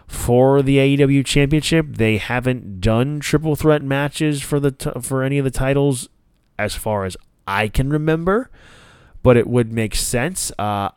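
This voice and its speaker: A man hosting a wrestling talk show, giving a casual, animated recap with some swearing and quick acted-out bits of promos. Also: medium pitch, clean tone, no echo, clean studio sound. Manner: animated, profane, acts out promos in quick bursts. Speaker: wrestling podcast host.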